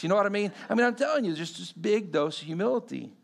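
Preaching at a quick pace with hardly any pauses, a pastor in his forties from Texas has a high, creaky voice. He tells a personal story in his sermon, acting out the people he quotes and shifting between loud and hushed delivery.

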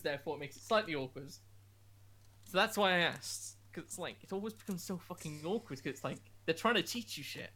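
A man's voice: a little high, bright, forceful tone. A young man with a northern English accent, co-hosting a podcast in casual, sweary, rambling chat. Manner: sweary, rambling, self-mocking. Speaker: podcast co-host.

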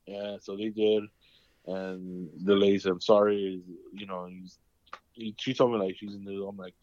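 A man with a low voice tells a story in loose, rambling chat, swearing freely and leaning on fillers. The sound is dull and lo-fi, with a dry, close feel. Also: flat delivery, a little slow, a little mellow, no room sound. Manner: rambling, profane, full of fillers. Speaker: podcast host.

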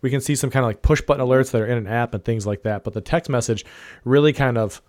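Guy host talking fast and eager, dry close sound, no room at all. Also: mid-range voice, a little mellow, dry recording. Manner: quick, enthusiastic, chatty. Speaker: podcast host. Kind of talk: casual interview chat.

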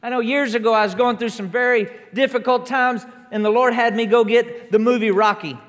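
A man preaching a sermon, emphatic, stacking repeated declarations that build up to shouts during a church service. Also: very high voice, fairly even intonation, brisk. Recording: long reverb of a large hall.

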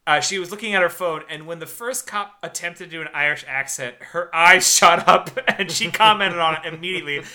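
A man's voice: fairly high pitch, fairly quick, few pauses, pushed and bright. A man co-hosting a casual movie discussion podcast, rambling and restarting his sentences as he talks. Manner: rambling, self-interrupting. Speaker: podcast co-host.

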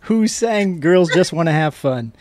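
A man's voice: a little high, animated, a little slow, darkish tone, no echo. A man hosting a casual podcast trivia quiz and interview, upbeat and laughing often as he reads out questions.

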